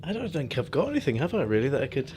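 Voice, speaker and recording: A man's voice: medium pitch, very animated, very fast, a little mellow, slight background noise. A man who is a guest player in a gamebook play-through, chatting casually and laughing easily. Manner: giggly, laid-back. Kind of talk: casual chat while playing.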